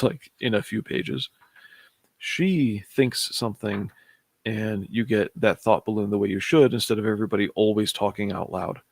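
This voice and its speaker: A man's voice: lowish voice, creaky, dry recording. A man casually reviewing a comic book on a stream, thinking aloud, humming to himself and chuckling often.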